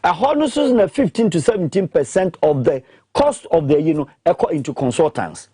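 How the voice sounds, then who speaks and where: A man with a Ghanaian accent, speaking emphatically in an animated discussion that mixes English and Twi, pressing his points with repeated questions. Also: fairly high pitch, moderate pace, slightly rough, no room sound, clean studio sound.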